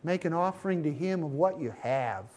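A man's voice: on the high side, expressive, normal speed, a little mellow. A man preaching a sermon, retelling a Bible story and speaking to his listeners as friends. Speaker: pastor.

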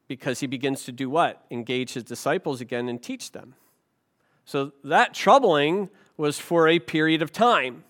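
High-voiced animated male preacher. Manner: animated storytelling, rhetorical questions. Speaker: pastor. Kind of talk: sermon.

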